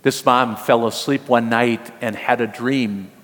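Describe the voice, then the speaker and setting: A man preaching at an unhurried pace, telling a story with earnest feeling and building emphasis. His voice sits in a middle register. A long reverb trails each phrase as if in a large hall. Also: medium pitch, fairly even intonation, a bit bright. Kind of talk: sermon storytelling.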